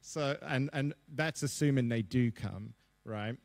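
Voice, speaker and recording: Lively Australian man telling stories. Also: mid-range voice, vocal fry. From Perth, Western Australia. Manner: lively anecdotal storytelling, self-deprecating, quick asides. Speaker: guest speaker and author. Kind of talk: storytelling interview on a seminar stage. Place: seminar hall before an audience.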